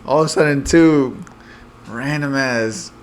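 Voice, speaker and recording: A young man on a podcast, telling an animated story with lots of swearing. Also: mid-range voice, a little slow, slight background noise. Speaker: podcast co-host. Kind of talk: casual chat.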